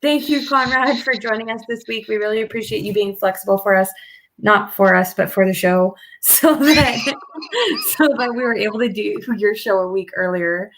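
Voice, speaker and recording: A Canadian woman hosting a casual livestream chat show, chatty and quick to laugh as she wraps up the episode. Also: mid-range voice. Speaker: podcast host.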